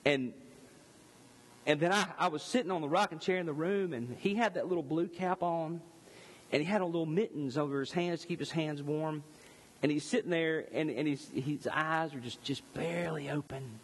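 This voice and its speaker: A husky, slightly high-voiced male pastor delivering a sermon in a large church. His delivery is impassioned, climbing on repeated phrases and easing into hushed, tender moments. The sound carries a long hall reverb. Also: moderate pace. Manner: impassioned, climbing in pitch at lists, then softening to near whisper. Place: church sanctuary.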